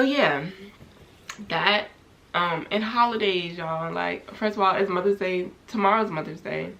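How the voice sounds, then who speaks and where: A woman's voice: fairly low pitch, gravelly, a bit bright, a little hiss or hum. A young woman talking candidly to her camera in a casual personal vlog, rambling with many fillers as she reflects on grief. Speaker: vlogger.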